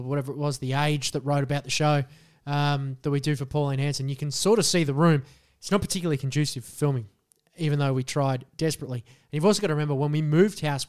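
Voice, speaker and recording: A man co-hosting a casual podcast chat, emphatic and swearing freely. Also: a little high. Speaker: podcast co-host.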